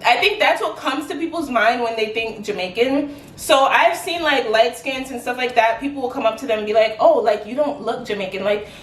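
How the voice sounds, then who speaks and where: A young adult woman chatting to camera in a casual vlog, animated and quick with "like" fillers. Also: a little high, slight background noise. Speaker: vlogger. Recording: echoey room, mic at a distance.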